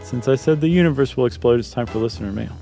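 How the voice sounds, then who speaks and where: A man's voice: medium pitch, fast talker, vocal fry, music in the background. A man co-hosting a podcast in casual chat, loose and joking, rambling with fillers. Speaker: podcast co-host.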